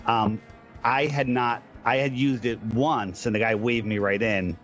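A man's voice: mid-range voice, fairly even intonation, measured pace, fairly bright tone, lo-fi sound, faint music behind. A man telling an anecdote on a talk show, acting out the people in his story. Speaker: guest.

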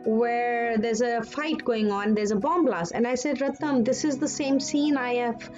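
A woman guest telling a personal story in an earnest, emotional way, rushing ahead whenever she repeats what she said. Her voice sits a little high. The sound is dull and lo-fi, with music clearly running underneath. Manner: earnest, emotional, fast bursts when quoting. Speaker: podcast guest.

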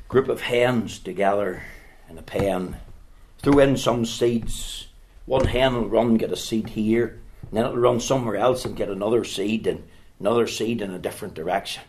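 A man preaching a sermon, reading scripture aloud and swinging between hushed low passages and loud, rising exhortation. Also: moderate pace. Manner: reads scripture in King James wording.

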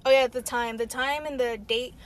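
A woman's voice: high-pitched, fairly even intonation, normal speed. A woman casually recapping a movie, rambling and filling her talk with "like". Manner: rambling, heavy use of "like", acts out quotes.

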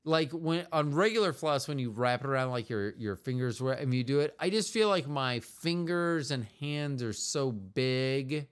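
A man co-hosting a casual podcast with his partner, his voice smooth and resonant at an ordinary middle pitch. He rambles through stories with restarts and jokes at his own expense. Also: lively intonation, moderate pace, few pauses. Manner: rambling, self-deprecating and joking, with many restarts. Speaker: podcast co-host.

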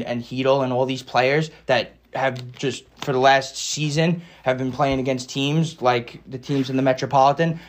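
A young man co-hosting a podcast, arguing fast and swearing often, talking over his partner. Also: medium pitch. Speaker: podcast co-host. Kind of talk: heated casual sports debate.

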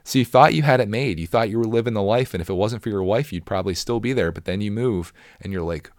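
Middle-aged male podcast host, chatty and enthusiastic, lowish voice, dry close sound. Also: quick pace, no room sound. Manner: enthusiastic and chatty, many restarts. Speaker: podcast host reading listener comments. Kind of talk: casual chat.

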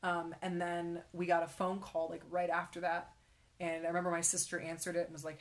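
Soft-spoken young woman telling her story. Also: on the low side, steady tone. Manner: emotional, halting, many fillers, drops to a whisper. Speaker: guest sharing her faith story. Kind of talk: personal testimony in conversation.

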